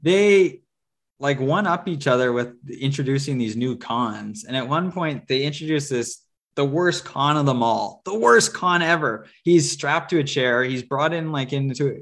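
A man's voice: medium pitch, measured pace. A man co-hosting a podcast, chatting casually about movies in a rambling way with lots of fillers and restarts. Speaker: podcast co-host. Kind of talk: casual movie review chat.

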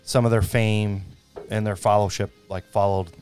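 A man in his thirties co-hosting a podcast, chatting in a rambling way and quick to laugh. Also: on the low side, little pitch movement, darkish tone, faint music behind. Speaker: podcast co-host. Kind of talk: casual chat.

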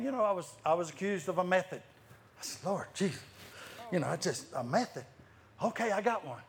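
A man preaching a sermon, telling stories with many restarts and frequent laughter. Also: sits high. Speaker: guest preacher. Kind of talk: lively sermon storytelling.

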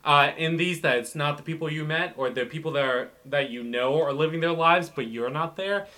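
A man's voice: fairly high pitch, normal speed, pushed and bright. A man co-hosting a casual chat, talking in an earnest, analytical way and swearing now and then.

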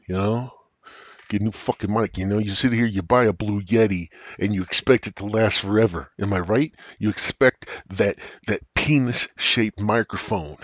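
A man's voice: lowish voice, a bit bright, slightly rough, dry recording. A man hosting a comedy podcast, rambling through profane, crude stories into a cheap gaming headset. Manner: profane, meandering, crude storytelling. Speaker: podcast host.

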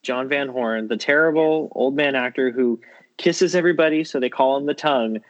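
A man chatting casually about a film, relaxed and a little hesitant. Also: medium pitch, moderate pace, highs cut off.

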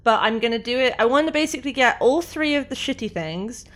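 A woman's voice: fairly high pitch, animated, fast talker, a bit bright. A woman player in a tabletop game, casually explaining spell rules and swearing. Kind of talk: reading spell rules aloud.

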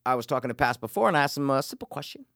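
Lively, joking young podcast host. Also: male voice, medium pitch, racing, gravelly, no room sound, clean studio sound. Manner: excitable, profane, joking. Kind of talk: casual chat.

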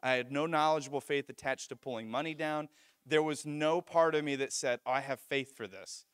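A young man preaching a sermon as a lively personal story, acting out the people he quotes. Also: fairly high pitch, a little fast, clear, resonant tone, no room sound, studio quality. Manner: animated storytelling, voices others in quoted dialogue.

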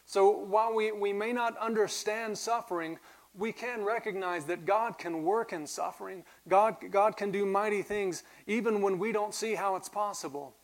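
A man's voice: high-pitched, fairly even intonation, moderate pace, poor audio. A man giving a sermon as pastor, earnest and building to emphatic peaks. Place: church sanctuary. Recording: clear music underneath. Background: soft guitar music.

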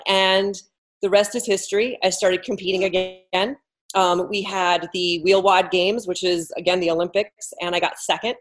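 A woman's voice: lowish voice, steady tone, moderate pace. A woman in her fifties, a former athlete talking candidly as a podcast guest, blunt and self-mocking. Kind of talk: candid casual interview talk.

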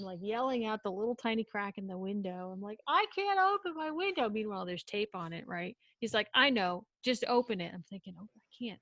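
A woman with a mid-range voice tells a personal story in casual chat, recorded dry. She's animated, acting out quoted lines and often breaking off to restart.

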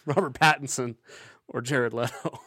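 A man's voice: medium pitch, steady tone, takes it slowly, pushed and bright. A man co-hosting a podcast, chatting through a movie commentary, often restarting sentences and laughing as he talks. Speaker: podcast co-host. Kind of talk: casual movie commentary chat.

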